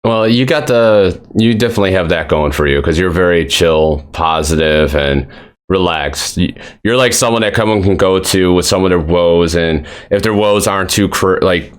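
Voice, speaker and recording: A man hosting a live-stream interview, talking in an animated, rambling way with casual swearing. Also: deep voice, moderate pace, smooth. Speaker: interview host.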